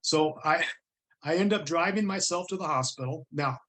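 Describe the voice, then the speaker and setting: A man's voice: on the high side, brisk, a bit bright. A middle-aged American man, a guest on an interview show, telling his story earnestly and vividly, acting out the voices of people he quotes. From United States.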